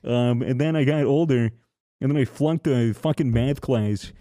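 A man's voice: mid-range voice, normal speed, warm tone, dry recording, clean studio sound. A young man, a podcast host, telling a rambling, profane story in casual chat with lots of restarts.

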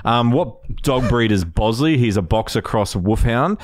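A man's voice: mid-range voice, lively intonation, unhurried, dry recording. Man reading out listener questions. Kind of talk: casual podcast chat.

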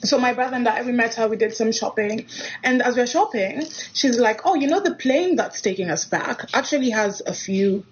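A young woman from Kenya tells a personal story in a casual way. She is animated and acts out the dialogue. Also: on the high side, normal speed, slight background noise. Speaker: guest telling a personal story. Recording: dull lo-fi recording.

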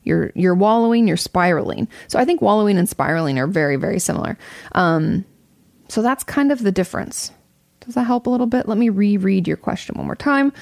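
A woman's voice: medium pitch, lively intonation, fairly quick, creaky, no room sound, studio quality. A young adult woman hosting a casual advice talk, candid and conversational, swearing freely as she answers audience questions from home.

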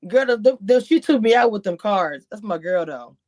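A woman giving chatty, animated reality-TV commentary on a livestream, talking straight to her chat. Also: mid-range voice, moderate pace, dry recording. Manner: grows exasperated and incredulous. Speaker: YouTube commentator.

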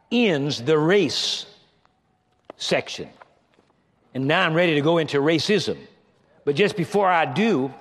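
A male pastor preaching to his congregation in a conversational style, speaking to them directly. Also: medium pitch. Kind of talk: sermon. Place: church sanctuary.

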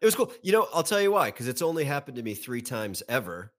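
A man's voice: mid-range voice, sing-song, quick pace, fairly bright tone. A male podcast co-host with a stuffy nose from a sinus infection, telling rambling anecdotes in casual chat.

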